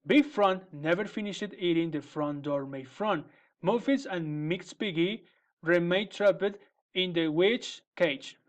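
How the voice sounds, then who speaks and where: A man reading a children's fairy tale aloud in a gentle, measured way. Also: sits high, dull audio. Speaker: storyteller. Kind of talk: storybook reading.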